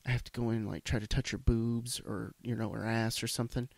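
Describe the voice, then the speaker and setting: A man's voice: medium pitch, level tone, fast talker, vocal fry, a little mellow, dry recording. A man hosting a solo podcast, congested from a sinus issue, rambling in a profane, self-deprecating way. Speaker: podcast host. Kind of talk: solo casual monologue. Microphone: podcast microphone.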